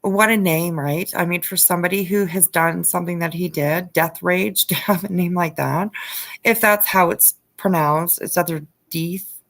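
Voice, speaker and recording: A woman hosts a relaxed late-night livestream, reading a news article aloud and pausing to greet viewers by name. She gets worked up and swears freely, with plenty of fillers, restarts and trailing asides. Her voice is fairly low with vocal fry, at a moderate pace.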